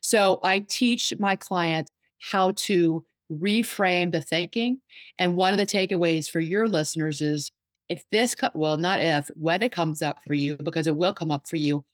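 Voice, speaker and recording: A woman psychotherapist and life coach talking in a casual interview, animated and storytelling, acting out what others said. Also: fairly low pitch, unhurried, dry recording. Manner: animated storyteller, acts out quoted voices.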